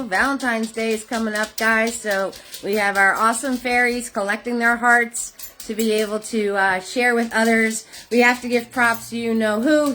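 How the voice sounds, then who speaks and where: A woman's voice: on the high side, sharp tone. A middle-aged woman hosting a live painting class, greeting viewers by name in a bubbly, chatty way. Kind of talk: casual livestream painting lesson.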